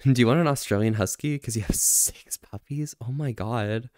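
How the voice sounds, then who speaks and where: Man, casual streamer, laughs a lot, halting french bits, dry close sound. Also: medium pitch, darkish tone, no room sound. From Canada. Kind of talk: casual livestream chat reading viewer messages.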